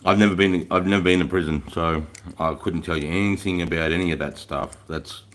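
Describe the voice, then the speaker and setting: A middle-aged man hosts a livestream, speaking low and brisk with fairly even intonation and a fairly bright tone. He reads viewer comments in a loose, rambling chat full of swearing and frequent laughter.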